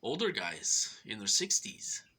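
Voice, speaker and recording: A man's voice: on the low side, very animated, unhurried, bright, forceful tone, husky. A middle-aged man from Minnesota rambling through an aggrieved personal monologue, full of fillers and restarts, sounding short of breath. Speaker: vlogger.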